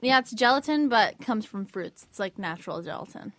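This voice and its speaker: A woman's voice: medium pitch, animated, fairly quick, no room sound. A woman on a casual podcast, giving brief, matter-of-fact opinions during a taste test. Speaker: podcast co-host. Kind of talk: casual chat.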